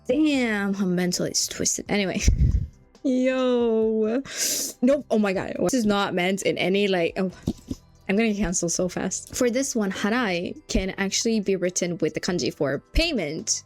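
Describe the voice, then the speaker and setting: A young woman vlogging about a horror game in casual chat, animated, swearing often and saying "like" a lot. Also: mid-range voice, normal speed, faint music behind. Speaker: gaming vlogger.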